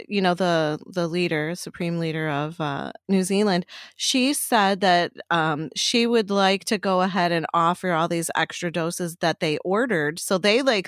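A woman's voice: on the low side, no echo, studio quality. A middle-aged woman in casual chat, ranting bluntly and swearing freely.

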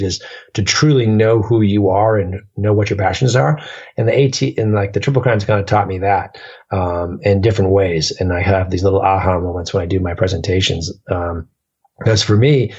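Low husky man, rambling storyteller. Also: a little fast, a little mellow, dull audio. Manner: rambling, restarts often, lots of fillers. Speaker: podcast guest. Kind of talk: casual storytelling chat.

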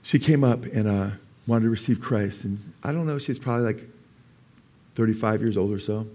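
A male pastor giving a sermon, telling a story in an animated way and rising to emphatic preaching, with calls of "amen?" to the congregation. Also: fairly low pitch, normal speed. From California.

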